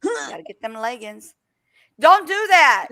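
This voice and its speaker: A woman's voice: high-pitched, very animated, measured pace, very noisy. A young woman hosting a live stream in casual, teasing chat, laughing often and talking through a headset.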